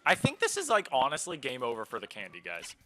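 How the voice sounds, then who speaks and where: Lively young streamer man. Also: medium pitch, fast, music in the background. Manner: relaxed, self-mocking, chatty. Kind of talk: casual gameplay commentary.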